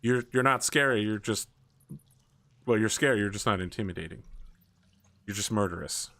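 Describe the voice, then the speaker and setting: Bright-voiced man running a tabletop game. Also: lowish voice. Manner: animated, swearing, quick to break into silly voices. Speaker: dungeon master.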